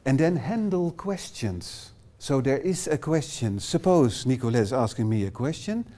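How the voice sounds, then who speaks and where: In a small classroom, a middle-aged workshop trainer from the Netherlands gives a live presentation in English, which isn't his native language, with a Dutch accent. He addresses participants by name, uses many fillers and restarts, and speaks at a moderate pace in an animated, medium-pitched, dark voice.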